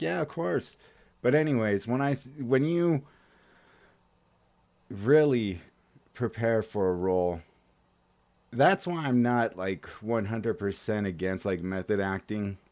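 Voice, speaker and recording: A man casually rambling about movies and acting as a video host, full of fillers and asides. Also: deep voice. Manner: rambling, full of likes and you knows.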